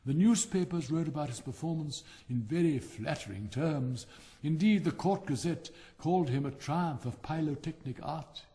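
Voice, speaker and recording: A man narrating a storybook in a measured, expressive manner. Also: on the high side, long reverb tail. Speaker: audiobook narrator. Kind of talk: scripted narration.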